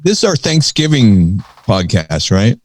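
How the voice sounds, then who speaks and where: A man with a low voice hosts a laid-back podcast. He rambles, gets excitable, and drops casual swears. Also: unhurried, dry recording. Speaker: podcast host. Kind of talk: casual chat.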